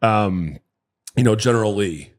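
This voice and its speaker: A man's voice: fairly low pitch, lively intonation, a little slow. A man co-hosting a podcast, blunt and opinionated, talking in casual chat and often cutting in. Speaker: podcast co-host.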